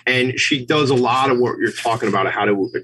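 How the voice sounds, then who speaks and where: A male radio host telling a story in a lively, rambling way, full of fillers and sudden jumps in pitch. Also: brisk, slight background noise, low-quality recording. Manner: animated, rambling, many "like" fillers. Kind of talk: lively talk radio chat. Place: New York.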